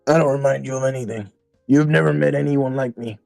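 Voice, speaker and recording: A man's voice: medium pitch, fairly even intonation, fast talker, vocal fry, darkish tone, no room sound, faint music behind. A man playing in a tabletop game, talking bluntly and tough. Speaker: player. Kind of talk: in-character tabletop play.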